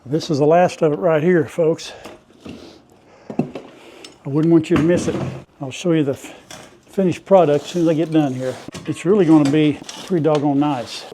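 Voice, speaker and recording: A man's voice: on the high side, moderate pace, pauses often, mellow, a little hiss or hum. An older man narrating casually to viewers as he cleans out an old farm building, in a folksy, chatty way. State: coughing from dust at times. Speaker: farm vlogger. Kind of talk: casual narration while working. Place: old farm outbuilding and yard.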